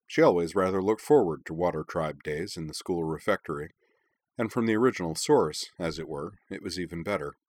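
A man reading a novel aloud in measured, even storytelling narration. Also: sits low, dry recording. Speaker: audiobook narrator. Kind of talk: scripted narration.

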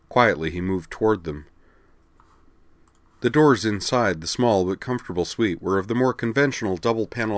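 A man narrating a story aloud in a steady, measured way. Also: lowish voice, dry recording. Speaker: story reader. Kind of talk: audiobook narration.

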